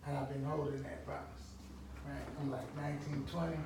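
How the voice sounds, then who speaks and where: A man's voice: medium pitch, little pitch movement, normal speed. A man in his fifties, a counselor, giving a rambling, vivid personal testimony in a counseling group. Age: 50s. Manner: rambling, repetitive, vivid storytelling. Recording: echoey room from far off, faint noise.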